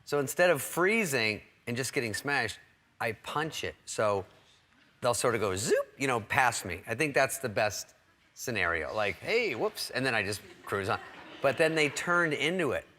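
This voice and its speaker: A man's voice: mid-range voice, normal speed. A man telling comic stories as a talk show guest, acting out the voices of people in them. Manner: animated, acts out quoted voices. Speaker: guest comedian.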